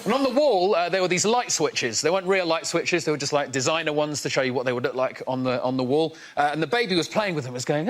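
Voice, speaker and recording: A man delivers a rambling, self-deprecating comic monologue in a TV studio. His voice is fairly high. He tells it as a meandering story. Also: animated, quick pace, hardly any pauses. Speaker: comedy panelist. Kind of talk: stand-up monologue. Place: TV studio before a live audience.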